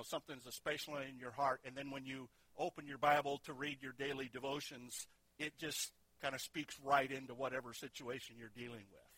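A man's voice: medium pitch, bright, forceful tone, dry recording. A middle-aged man preaching a sermon as pastor, in a conversational way that often asks the congregation questions.

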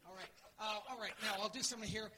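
A man's voice: high-pitched, steady tone, a little fast, a loud crowd. A man guest-performing at a live church service, playful and joking between his bits, on a noisy live mic.

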